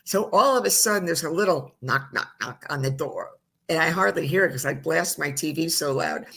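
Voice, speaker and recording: A woman's voice: low-pitched, lively intonation, moderate pace, vocal fry, fairly bright tone, breathy edge. A middle-aged woman hosting a live-streamed talk show, telling long rambling stories in a chatty way. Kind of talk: casual chat. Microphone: streamed studio mic.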